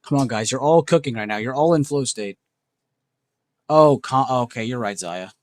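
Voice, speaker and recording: Streamer, male, mid pitch, casual self-mocking chatter, dry close mic, keys clacking. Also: normal speed, a little mellow, no room sound. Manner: muttering guesses, self-mocking, reacting to chat. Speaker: livestream host. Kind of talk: casual livestream chat while playing a word game.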